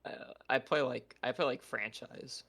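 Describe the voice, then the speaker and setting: A man's voice: mid-range voice, steady tone, unhurried, gravelly, bright, forceful tone, breathy edge. Man making dry, chuckling quips. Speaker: YouTuber co-host. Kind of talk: casual chat.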